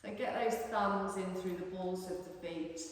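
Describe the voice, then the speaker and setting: A woman teaching a yoga class, guiding a calm relaxation in a soothing, gently coaxing voice. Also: lowish voice, moderate pace, a little hiss or hum. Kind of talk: guided relaxation instruction. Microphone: distant room mic. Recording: echoey hall from far off.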